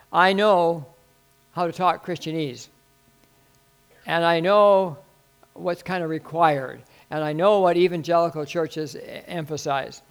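An older man preaching a sermon as pastor, folksy and rambling, with self-deprecating humor. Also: on the high side.

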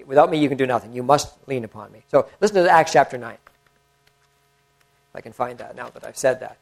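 A man preaching a conversational sermon, swinging from animated storytelling to hushed, prayerful tones. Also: medium pitch, a little fast, gravelly, low-quality recording.

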